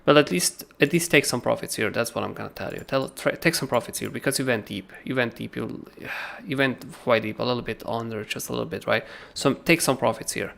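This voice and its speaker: Man, gravelly voice, mid pitch, casual livestream chart talk, animated, swears casually. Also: fairly quick, hardly any pauses. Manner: animated, keeps asking "right?", swears casually. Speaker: crypto trading livestream host.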